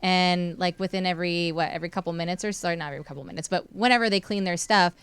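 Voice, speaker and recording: A woman co-hosting a casual podcast chat, chatty and animated, slipping into silly voices. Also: lowish voice, racing, clear, resonant tone, dry recording. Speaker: podcast co-host.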